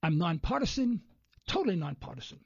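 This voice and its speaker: A man rambles through stories as a radio guest, acting out the people he quotes. His voice is high and swoops widely, with a husky, gravelly texture. The audio is dry and dull, like lo-fi radio. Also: fairly quick, dry recording. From New York. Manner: animated storyteller, acts out quoted people. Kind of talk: rambling anecdotal radio interview.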